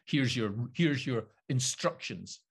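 A man's voice: mid-range voice, lively intonation, takes it slowly, vocal fry, husky, exaggerated voice. A Scottish man voicing a stern German-accented commander who barks out orders in a clipped manner. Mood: commanding.

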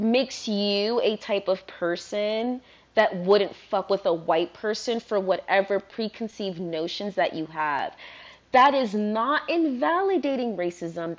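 A woman vlogger ranting casually, rambling and animated, full of "like". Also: mid-range voice. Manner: rambling, animated, heavy use of "like". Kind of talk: casual rant to camera. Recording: dull lo-fi recording.

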